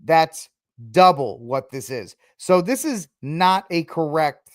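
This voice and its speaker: A man's voice: a little high, lively intonation, slow, no room sound, studio quality. A man hosting a podcast who talks casually alone, thinking aloud with lots of fillers and restarts. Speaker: podcast host. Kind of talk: casual solo commentary.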